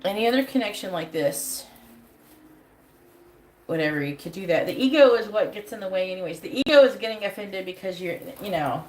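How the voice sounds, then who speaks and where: A woman's voice: medium pitch, animated, a little fast, a little mellow. A woman giving a live tarot reading, handing out blunt advice with plenty of swearing. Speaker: tarot reader. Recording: echoey room with faint background noise.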